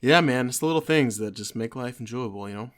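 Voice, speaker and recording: A man co-hosting a casual gaming podcast, talking in a relaxed way and giving short agreeing replies. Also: mid-range voice, quick pace. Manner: relaxed, reads blog text aloud, short agreeing replies. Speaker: podcast co-host.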